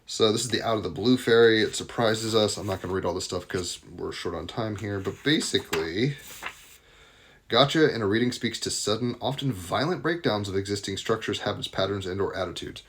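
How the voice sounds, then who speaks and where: A man's voice: on the low side, a little fast, a bit bright. A man giving a live daily tarot and astrology reading, talking loosely and enthusiastically with rambling asides.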